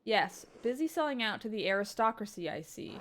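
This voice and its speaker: A woman voicing a stern, sanctimonious older male abbot in a formal, measured reading. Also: medium pitch, very animated, a little hiss or hum, close to an everyday voice. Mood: stiffly formal.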